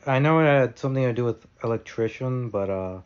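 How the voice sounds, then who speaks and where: A man's voice: mid-range voice, brisk, smooth, dull audio. A man hosting a casual podcast, laid-back, asking short questions and trailing off. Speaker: podcast host. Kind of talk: casual interview.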